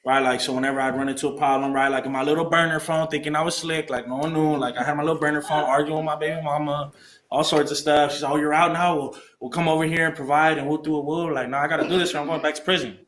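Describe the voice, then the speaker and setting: A man's voice: fairly high pitch, fast talker. A young man tells his recovery story to a group in casual, slangy talk, acting out the voices of people he quotes. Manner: animated, acts out quoted voices, streetwise slang. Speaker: alumni speaker sharing recovery story. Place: meeting room. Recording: echoey room.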